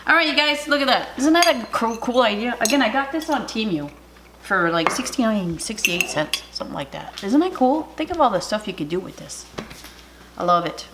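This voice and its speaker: A woman hosting a casual home cooking video, chatty and excitable, talking straight to her viewers. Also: on the high side, brisk, background noise. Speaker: cooking vlogger. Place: home kitchen.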